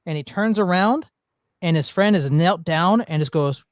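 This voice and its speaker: A man's voice: a little high, normal speed, no room sound, clean studio sound. A man hosting a casual chat, telling rambling stories with many fillers and restarts. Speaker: podcast host.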